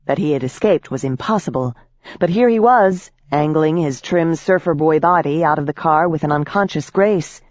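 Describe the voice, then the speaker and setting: A woman's voice: low-pitched, normal speed, a little mellow, dry recording. A woman narrating a first-person urban fantasy audiobook with tense, vivid storytelling. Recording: dry, dull audiobook recording.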